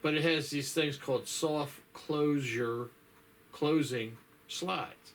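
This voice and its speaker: A vlogger chats casually with his viewers in a folksy, rambling style, sounding tired, yawning, sighing and using plenty of fillers. His voice is a little high, and he takes it slowly.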